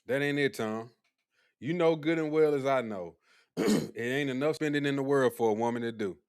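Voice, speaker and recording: A young man hosting a casual live stream, animated and teasing as he talks back to his chat. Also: mid-range voice, moderate pace, clear, resonant tone. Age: young adult.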